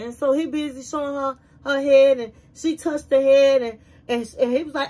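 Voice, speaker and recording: High-voiced woman recapping a reality show. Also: normal speed, low-quality recording. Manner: animated storytelling, conversational and opinionated. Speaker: YouTube reality-TV reviewer. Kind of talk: casual episode recap commentary.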